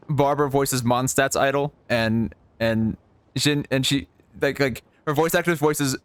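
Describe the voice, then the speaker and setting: A man's voice: medium pitch, clean tone, dry recording. A man streaming a video game, chatting casually in a rambling way with many fillers and restarts. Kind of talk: casual gameplay commentary.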